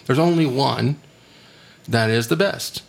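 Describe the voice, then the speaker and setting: A man's voice: mid-range voice, gravelly. A man hosting a podcast, chatting casually in a joking, rambling way. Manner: joking, rambling, quick to laugh. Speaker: podcast host.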